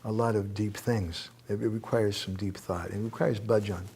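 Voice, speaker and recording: Lively man giving a spiritual talk. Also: on the low side, moderate pace, gravelly, a little hiss or hum. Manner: animated, quotes verses, jokes and laughs. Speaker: speaker answering questions. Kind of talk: spiritual lecture with Q&A. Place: temple hall.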